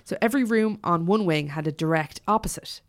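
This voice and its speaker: Low-voiced woman reading a story casually. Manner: chatty storyteller, swears freely, quick asides. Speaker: podcast co-host.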